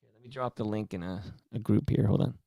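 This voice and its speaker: A man co-hosting a podcast, joking in quick casual banter. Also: lowish voice, gravelly, warm tone, no echo, clean studio sound. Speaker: podcast co-host. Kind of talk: casual chat.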